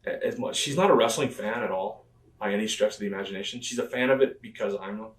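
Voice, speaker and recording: A low-pitched man, a professional wrestler being interviewed, rambles fast through old stories and past conversations, saying "you know" a lot. It is a conversational storytelling interview, and he sounds far from the mic in an echoey room.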